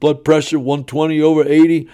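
A man's voice: fairly high pitch, level tone, fairly quick, warm tone, smooth. A male preacher, telling a dramatic personal story in a sermon and acting out the voices of the people in it.

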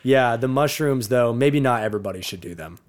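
A man's voice: mid-range voice, animated, a little fast. A young adult man and podcast co-host, telling a long rambling story in casual chat and swearing freely.

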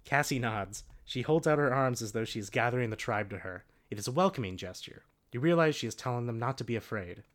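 A man's voice: medium pitch, lively intonation, fast talker, hardly any pauses, fairly bright tone. A man casually reading a storybook aloud with a friend, breaking into jokes and laughter. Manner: laughing, joking asides. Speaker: reader.

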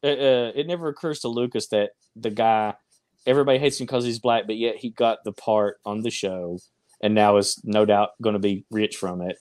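A man's voice: lowish voice, fairly even intonation, a little fast, darkish tone, dry recording. A man hosting a casual panel chat, blunt and joking, reading out viewer super chats. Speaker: podcast host, reads super chats.

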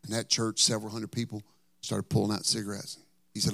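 Emphatic storytelling preacher, dry close sound. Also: male voice, on the low side, steady tone, a little fast, vocal fry, no echo. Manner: storytelling preacher, rising to loud emphatic outbursts; drops to a whisper for emphasis. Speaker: pastor. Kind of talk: sermon.

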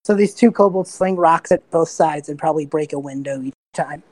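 A woman's voice: low voice, a little fast, darkish tone, dry recording. A woman running a tabletop game as game master, narrating playfully with giggles and lots of fillers.

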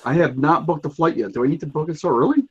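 A man's voice: fairly high pitch, quick pace, breathy edge, muffled recording. A man chatting on a video call, making wry, sarcastic asides. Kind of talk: casual chat over a video call.

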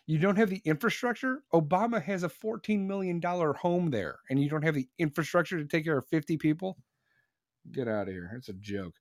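A man in his forties holds forth on a casual podcast, his voice sitting somewhat high. He rambles and gets worked up, tripping over restarts as he pushes his points. The sound is close and dry. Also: expressive, a little fast, dry recording. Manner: fired-up rambling rant, many restarts. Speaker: podcast host.

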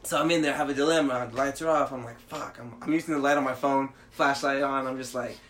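A man's voice: mid-range voice, fairly even intonation, fast talker, a bit bright. A young man telling a story in casual chat, swearing freely and acting out his own reactions.

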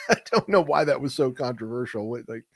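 A man in his thirties chats as a podcast co-host, telling stories in an animated way and often restarting his sentences. His voice sits in a middle register. The sound is dry and close to the mic. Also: mid-range voice, fairly quick, gravelly, dry recording. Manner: animated storyteller, frequent restarts. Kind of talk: casual conversation.

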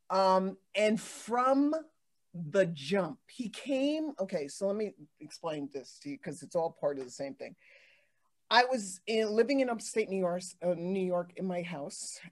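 A woman hosting a casual talk show, telling stories in an animated way with many restarts and fillers. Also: mid-range voice. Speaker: podcast host. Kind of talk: casual chat.

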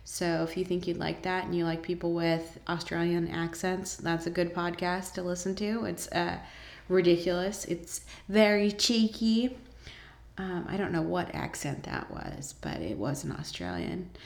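A woman's voice: on the low side, steady tone, normal speed, gravelly, few pauses, echoey room. A woman vlogger chatting casually about shows and books she enjoys, with many ums and eager asides.

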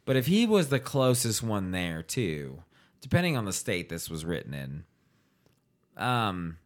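A man's voice: fairly low pitch, sing-song, measured pace. A man talking casually and profanely, acting out quotes as he tells a story. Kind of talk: casual podcast chat.

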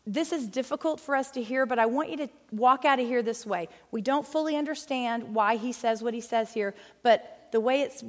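A middle-aged woman teaching a Bible study in a chatty, folksy, animated way. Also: fairly high pitch, in a large hall.

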